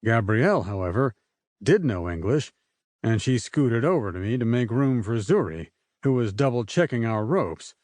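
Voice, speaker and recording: A man's voice: mid-range voice, lively intonation, normal speed, darkish tone, no echo. Man reading an audiobook, dry and close. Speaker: audiobook narrator. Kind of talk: first-person scripted narration.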